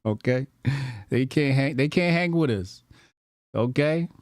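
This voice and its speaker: A man's voice: mid-range voice, lively intonation, unhurried, a little mellow, no room sound, clean studio sound. A man hosting a casual commentary show, brash, profane and mocking.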